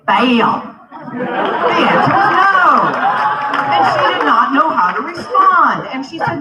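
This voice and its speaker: A woman's voice: high-pitched, sing-song, unhurried, pushed and bright, some chatter behind. A woman giving a humorous banquet speech, telling a story and acting out the other people's lines. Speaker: banquet speaker. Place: convention banquet hall. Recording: roomy, distant, slightly dull hall recording.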